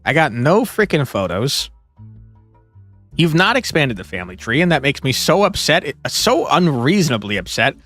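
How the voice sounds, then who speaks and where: An excitable man talks through a puzzle game with a fairly high voice. His pitch leaps around wildly, from low muttering to loud yelling. Faint music plays behind him. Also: normal speed. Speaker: gaming streamer. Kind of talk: let's play commentary.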